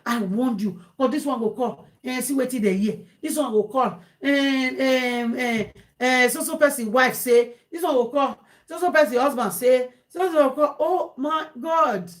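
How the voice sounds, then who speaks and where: A woman with a Nigerian accent recounts a viewer's story to her audience, animated and exasperated, often repeating herself. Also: high-pitched, normal speed. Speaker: vlogger giving advice.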